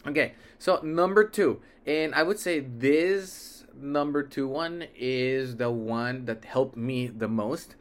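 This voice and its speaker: Speaking slowly at a medium pitch with hardly any pauses, this young man from Mexico, a native Spanish speaker, rambles in an easygoing way on his solo podcast. He frequently stops to correct himself partway through sentences.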